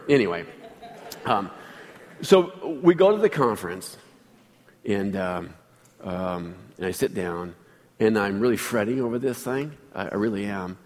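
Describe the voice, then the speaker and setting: A man's voice: lowish voice, lively intonation, unhurried, pauses often, darkish tone, big-room sound. Chatty storytelling male pastor. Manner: storytelling, chatty, asks the congregation questions. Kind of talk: sermon.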